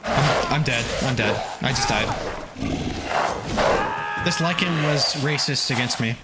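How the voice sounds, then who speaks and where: A young man streaming a video game, chatting with viewers, swearing and yelling at the game in between. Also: mid-range voice, a little slow, heavy background noise. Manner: animated, swears and yelps at the game, laughs often. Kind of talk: casual gameplay livestream chat.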